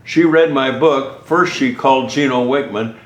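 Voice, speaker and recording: A man's voice: medium pitch, unhurried. A man telling a story in a casual, rambling way. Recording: roomy with faint background noise.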